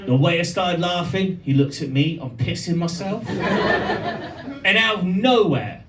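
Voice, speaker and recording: A man, doing a cheeky, punchy live stand-up set with dramatic pauses. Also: high voice, far from the mic. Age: 30s. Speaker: stand-up comedian. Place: pub venue stage. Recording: roomy live room with crowd noise.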